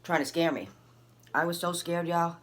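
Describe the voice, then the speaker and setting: Speaking at a moderate pace with a slight hiss or hum in the audio, an adult woman vlogger recounts a personal story. Chatty and animated, she plays every character, her pitch jumping sharply on their lines, and mentions her early twenties and her son.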